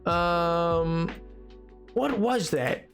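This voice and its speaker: A male streamer chatting casually with his viewers while playing, quick and a little defensive in his banter. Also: a little high, gravelly, clear, resonant tone, soft background music. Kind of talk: casual gameplay chat reading chat.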